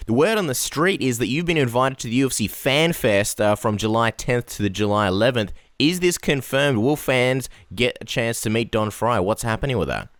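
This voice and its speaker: A man's voice: mid-range voice, expressive, normal speed, hardly any pauses, no room sound, studio quality. A man co-hosting a casual interview, chatty and joking as he asks questions. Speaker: podcast co-host.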